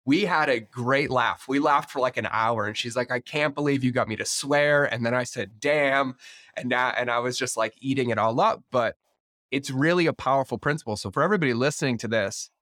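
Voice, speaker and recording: A man hosting a podcast interview in casual chat, energetic and swearing freely, acting out the dialogue he quotes. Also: medium pitch, fairly quick, no echo, studio quality. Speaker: podcast host.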